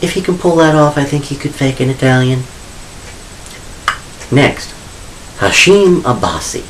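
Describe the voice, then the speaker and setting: A man's voice: medium pitch, lively intonation, unhurried, a little hiss or hum, low-quality recording. A man casually talking about his own book in a vlog, chatty and opinionated with wry asides. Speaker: author vlogger.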